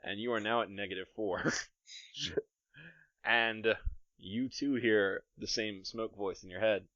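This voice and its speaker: Game master, man, low voice, playful narration, dry and slightly dull podcast sound. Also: fairly even intonation, bright, forceful tone, no room sound. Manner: playful, narrating combat with quick asides. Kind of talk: running a tabletop game, casual.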